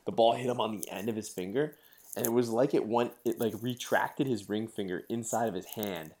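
A middle-aged man in casual chat, telling animated stories with swearing and laughter. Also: fairly low pitch, fairly quick.

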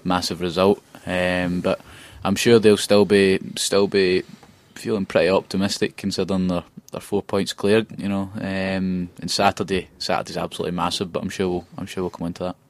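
A Scottish man with a very deep, flat voice talks football on a podcast. He hesitates a lot, repeating words and filling gaps with ums. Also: moderate pace, few pauses. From Scotland. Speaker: podcast co-host. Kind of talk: casual chat.

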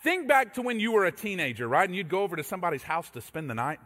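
A man preaching a sermon as a pastor, telling stories with animated energy and acting out voices. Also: high voice, fast. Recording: echoey hall reverb.

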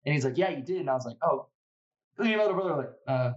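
A man chatting casually, an animated storyteller who swears a lot and laughs often. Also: fairly high pitch, very fast, lo-fi sound. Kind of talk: casual chat.

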